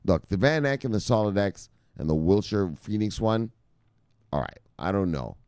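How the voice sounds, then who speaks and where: A man hosting a crypto news show, ranting with heavy swearing, jumping between loud outbursts and low mutters. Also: very animated, moderate pace, smooth, no room sound, studio quality. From United States. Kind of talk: profane animated ranting commentary.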